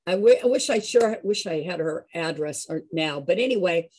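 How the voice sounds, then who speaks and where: A woman in her sixties telling a personal story in an animated, chatty way, with a husky voice. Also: on the low side, normal speed, low-quality recording. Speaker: show regular.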